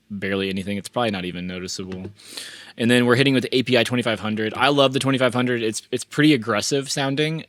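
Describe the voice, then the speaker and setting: Low-voiced man casually explaining a mix. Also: dry recording. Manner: relaxed, rambling, frequent restarts and fillers. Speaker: mixing engineer and tutorial host. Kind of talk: casual screen-share mixing walkthrough.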